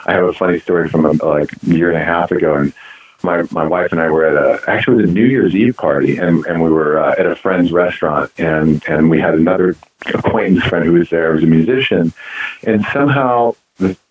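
A male musician guest telling stories in a casual interview, animated and stumbling over repeated words. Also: sits low, a little fast. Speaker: guest musician, band frontman. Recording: roomy echo.

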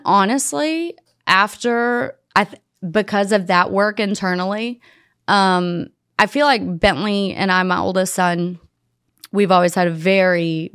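A woman's voice: on the low side, a bit bright, clear, resonant tone, dry recording, studio quality. A woman from Tennessee, speaking frankly and casually as a podcast guest. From Tennessee, USA. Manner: frank, casual, sprinkles in mild swearing. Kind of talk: candid conversational interview.

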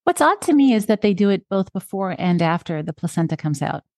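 A woman co-hosting a podcast, chatting in a relaxed way and laughing easily. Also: medium pitch, a little fast, no echo, studio quality. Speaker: podcast co-host. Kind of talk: casual chat.

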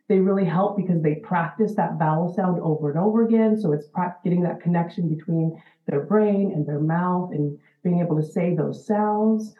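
A woman in her forties, a special-needs educator, explaining earnestly in an interview with frequent fillers. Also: lowish voice. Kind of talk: interview answers. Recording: tinny phone-like line in an echoey room.

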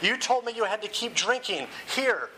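An anxious young wizard speaks in a strained, raised voice, urging and fretful, as a preacher reads his lines aloud. The tone is bright and tense, a plain reading rather than a full character voice. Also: high voice, expressive, moderate pace, slight background noise, pitched above the performer's own voice, rough recording. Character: anxious young male wizard, urgent and scared. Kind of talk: sermon read-aloud of a storybook.

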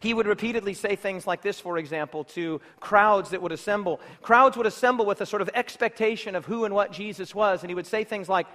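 High-voiced emphatic preacher in a reverberant hall. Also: male voice, brisk, few pauses, fairly bright tone. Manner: emphatic, rhetorical, builds through repeated phrases. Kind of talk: sermon.

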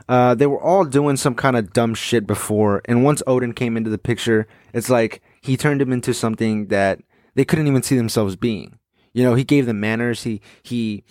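A young man talks his way through a manga chapter in a loose, rambling voice, often tripping over names and dropping casual swears. His pitch sits in a middle range, and the sound is dry and close to the mic with no room around it. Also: dry recording. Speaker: manga reader and commentator.

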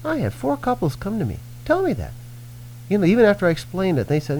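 A man whose voice sits high talks fast as a Christian minister, teaching earnestly in a radio-style conversation. His animated preaching includes acted-out quotes, and the rough recording has slight background noise.

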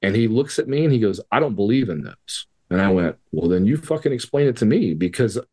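A man's voice: fairly low pitch, lively intonation, a little fast, mellow, husky. A man speaking as a podcast guest, telling a personal story in casual, profane language and acting out the dialogue with quoted voices. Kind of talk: conversational storytelling.

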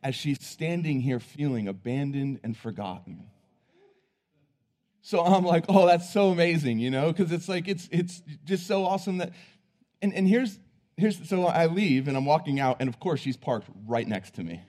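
A man's voice: on the high side, expressive, moderate pace, dark tone. A man preaching, telling a personal story in an earnest, conversational way. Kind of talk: sermon storytelling.

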